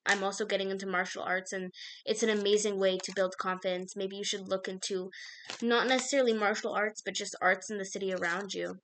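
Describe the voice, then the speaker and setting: A woman's voice: mid-range voice, fairly bright tone, slight background noise. A woman doing an intuitive card reading to the viewer, in a meandering way full of fillers, often losing her thread and restarting. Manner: meandering, filler-heavy, self-interrupting.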